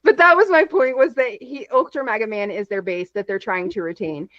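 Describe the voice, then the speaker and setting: A woman from Texas chatting as a guest, telling stories in an animated, rapid way over a video call. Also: fairly high pitch, no echo, highs cut off. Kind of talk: casual chat.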